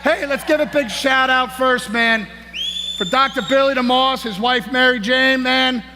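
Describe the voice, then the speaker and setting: A man giving a hyped-up motivational speech as a conference speaker on stage, shouting and peppering his lines with "man" and "baby". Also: extremely high pitch, fairly even intonation, unhurried. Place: large conference hall on stage. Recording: echoey hall, faint noise.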